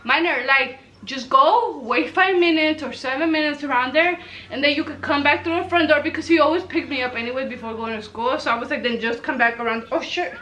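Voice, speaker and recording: Animated young woman telling a wild storytime. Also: high voice, fairly quick, slight background noise, low-quality recording. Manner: animated, swears freely, acts out quoted lines. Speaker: storytelling vlogger. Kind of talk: casual storytime.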